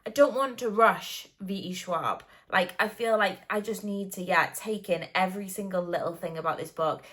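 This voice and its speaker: A woman's voice: medium pitch, normal speed, fairly bright tone. A young British woman chatting at home in a casual book vlog, bubbly and gushing, with lots of likes and ums. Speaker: book vlogger.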